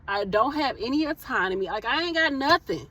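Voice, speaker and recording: Woman, young adult, impassioned, preachy, fairly high voice. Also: expressive, a little fast, bright, forceful tone. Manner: impassioned, preachy, addresses viewers as y'all. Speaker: nurse vlogger. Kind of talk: emotional casual rant to camera.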